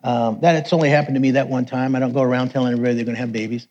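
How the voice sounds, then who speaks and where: A middle-aged man preaching, telling personal testimony stories with lively quoted voices. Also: rapid-fire, lo-fi sound. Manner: animated storyteller, raises pitch for quoted voices. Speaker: missionary preacher. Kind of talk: sermon testimony storytelling.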